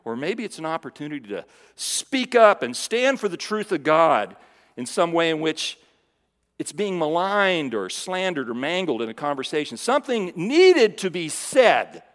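A man preaching a sermon in a conversational way, asking the audience questions and dropping from loud emphasis to near-whispered lows. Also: long reverb tail. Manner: conversational, with fillers and restarts, asks the audience questions.

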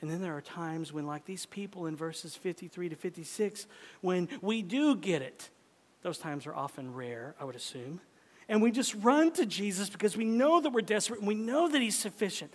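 A man preaching a sermon as pastor, swinging from loud urgent pleading to soft, whispered tenderness. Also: sits high, animated, normal speed. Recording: long hall reverb.

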